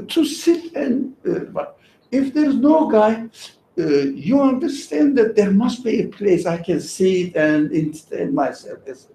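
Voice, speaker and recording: A man's voice: high-pitched, mellow. A man teaching religious ideas in conversation, patiently reasoning aloud and giving everyday examples. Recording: echoey room with faint noise.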